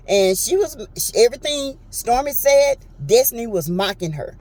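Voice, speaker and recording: A woman, casually recapping a reality show in a chatty, animated way and acting out quotes in a high voice. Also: a little slow, rough recording. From Southern United States.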